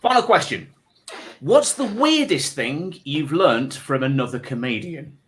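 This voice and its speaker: A man's voice: a little high, very animated, unhurried, a little hiss or hum. A man hosting a comedy panel show, chatty, reading out viewer comments and adding wry asides. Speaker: host. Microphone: online live stream.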